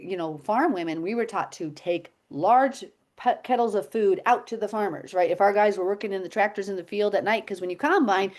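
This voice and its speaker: A woman's voice: mid-range voice, darkish tone. Chatty woman on a video call. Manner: chatty storyteller, laughs often. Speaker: health teacher. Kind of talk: casual video-call chat.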